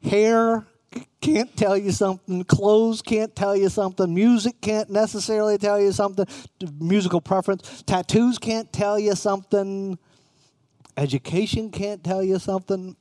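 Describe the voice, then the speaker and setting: A man's voice: sits high, steady tone, normal speed, warm tone, no echo, clean studio sound. A middle-aged man preaching a conversational sermon, often putting questions to his listeners. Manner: conversational, asks the room questions.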